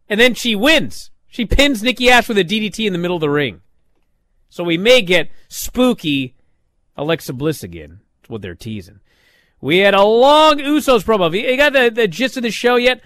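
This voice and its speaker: A man with a high, lively voice recaps a show with sarcastic exasperation. He talks casually, piling on complaints. The sound is close and dry. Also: normal speed, no echo. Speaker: wrestling show reviewer.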